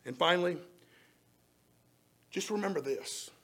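A man preaching a sermon, swinging between shouted emphasis and soft near-whispers. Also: sits high, animated, unhurried. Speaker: pastor.

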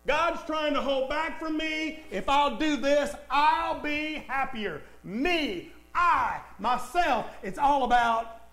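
A man's voice: extremely high pitch, expressive, takes it slowly, hardly any pauses, a bit bright, low-quality recording. A man preaching a sermon, emphatic, repeating lines for stress and speaking straight to the congregation. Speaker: pastor.

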